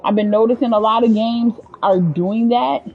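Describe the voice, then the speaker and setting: A chatty, expressive woman with an African American English accent, giving casual commentary on a video game to her viewers. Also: on the high side, normal speed, dull audio. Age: adult. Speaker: gaming streamer.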